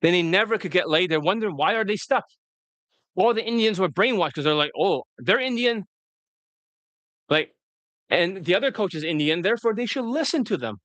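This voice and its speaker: A man's voice: high-pitched, lively intonation, brisk, a bit bright, no echo. A man working as a dating coach, giving a blunt, profane, rambling video lecture off the cuff.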